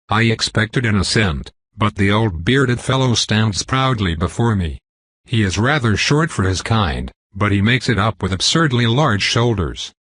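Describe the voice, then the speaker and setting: Male narrator, scripted narration, measured, low voice, husky, dry close sound. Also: lively intonation, a bit bright, no echo. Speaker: audiobook narrator.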